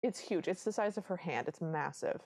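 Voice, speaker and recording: A woman co-hosting a podcast, recapping a film in animated casual chat. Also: lowish voice, moderate pace, husky. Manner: animated storytelling. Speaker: podcast co-host.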